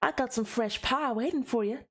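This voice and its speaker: Flirty Southern belle, drawling coy Southern accent, a woman improvising it on stream, higher voice. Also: normal speed. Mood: flirtatious. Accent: put-on American Southern.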